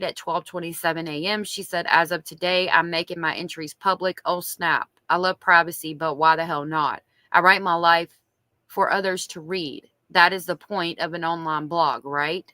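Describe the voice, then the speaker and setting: On a true crime live stream, a strongly Southern-accented woman reads from a diary and talks with her viewers between entries. Her pitch is on the low side and her tone is sharp, recorded without room sound. She keeps it chatty, alternating between diary reading and responses to chat.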